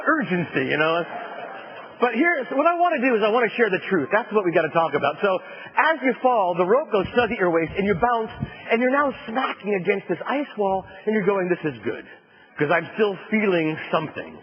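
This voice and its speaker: A man from New Jersey giving a motivational keynote, telling a comic adventure story with punchlines and acted-out shouts. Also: high-pitched, big-room sound, dull audio, a little hiss or hum. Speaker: motivational speaker.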